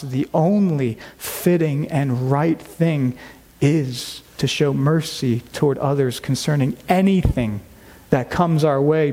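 A man preaching a sermon to his church, earnest and emphatic, slowing down to stress key words. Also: medium pitch, darkish tone. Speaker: pastor. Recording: long reverb of a large hall.

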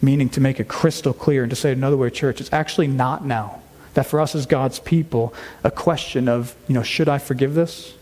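A man preaching a sermon to his church, earnest and emphatic, slowing down to stress key words. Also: medium pitch, fairly even intonation, darkish tone. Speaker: pastor. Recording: long reverb of a large hall.

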